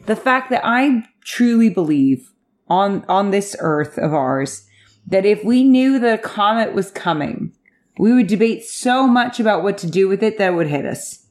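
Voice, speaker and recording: A woman's voice: mid-range voice, animated, normal speed, darkish tone. Blunt, exasperated woman co-host. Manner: blunt, profane, exasperated ranting. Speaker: podcast co-host. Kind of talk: casual chat.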